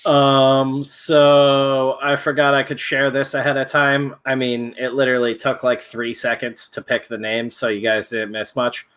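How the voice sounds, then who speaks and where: Casual male host, rambling, self-deprecating, mid-pitched. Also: little pitch movement, measured pace, few pauses, fairly bright tone, smooth. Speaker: podcast host running a giveaway. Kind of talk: casual chat.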